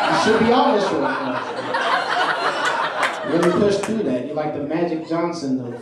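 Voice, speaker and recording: A man doing stand-up, with a loose, self-mocking storytelling style and a lively, swooping delivery. He sounds far from the mic in a very echoey club. The audience laughs loudly behind him. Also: sits high, a little fast, a crowd in the background. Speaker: stand-up comedian. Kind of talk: stand-up comedy. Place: live comedy club. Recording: roomy live club, mic from afar.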